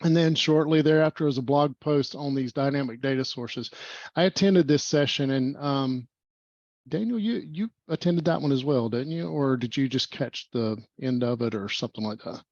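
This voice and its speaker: Male meetup host on a video call, fast and rambling, a bit muffled, dry sound. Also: mid-range voice, a little mellow, dry recording. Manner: rambling, fast, many fillers. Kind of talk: casual online meetup presentation.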